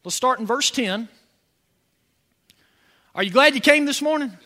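A man's voice: extremely high pitch, animated, a little slow, sharp tone. A man preaching a sermon as pastor, asking the congregation questions and building to emphatic points. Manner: preaching with rising emphasis and call-and-response questions.

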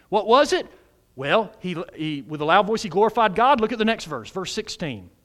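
A man preaching a sermon as pastor of a church, loud and emphatic, using humor and questions to the congregation. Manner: loud, emphatic preaching with big pitch swings. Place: church sanctuary.

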